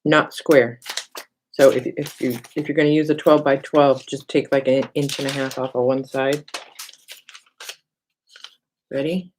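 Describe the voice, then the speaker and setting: A middle-aged woman with a bass voice hosts a casual crafting livestream from her home craft table, speaking in a level, slightly mellow tone at a measured pace with long pauses. She chats with viewers by name, thinks aloud and talks to herself as she works. The audio is poor, with slight background noise.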